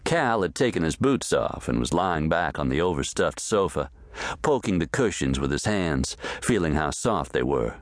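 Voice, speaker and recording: Low-voiced male audiobook reader, measured western narration, dry close-mic sound. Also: sing-song, no room sound. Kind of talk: scripted narration of a western novel.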